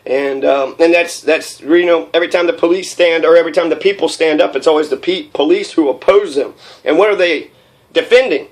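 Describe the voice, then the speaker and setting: A man's voice: a little high, brisk. A young man delivering a heated, profane political rant, rambling with many fillers.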